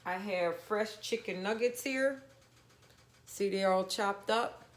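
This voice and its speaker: A woman's voice: mid-range voice, slow pace, reverberant, slight background noise. A woman casually talking viewers through a home cooking recipe, chatty and down-to-earth. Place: home kitchen.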